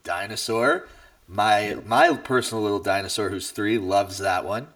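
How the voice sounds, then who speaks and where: A man's voice: on the low side, normal speed, fairly bright tone, recorded from a distance. A man hosting a podcast interview, chatting casually and affirming his guest often. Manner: friendly, chatty, frequent affirming murmurs. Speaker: podcast host.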